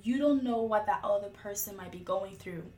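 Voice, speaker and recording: A woman's voice: mid-range voice, normal speed, darkish tone. A woman in casual conversation, telling a personal story with lots of filler words. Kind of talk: casual chat. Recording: echoey room with faint music.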